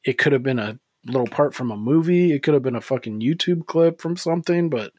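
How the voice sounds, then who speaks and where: A man's voice: medium pitch, lively intonation, brisk, darkish tone, no room sound. Laid-back swearing man, dry sound. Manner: swears freely, laughs easily. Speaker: podcast co-host. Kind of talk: casual chat.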